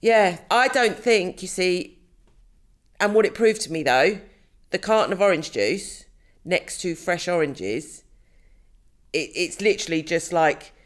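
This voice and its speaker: A woman's voice: fairly low pitch, animated, unhurried, long pauses. A woman co-hosting a podcast in casual chat, laughing often and swearing casually. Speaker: podcast co-host.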